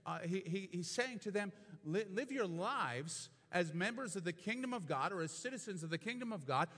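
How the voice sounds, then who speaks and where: A high-pitched male pastor delivers a sermon, his voice carrying a long reverb tail through a church sanctuary. He explains patiently, then presses his points home with emphatic repetition. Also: expressive, normal speed, fairly bright tone.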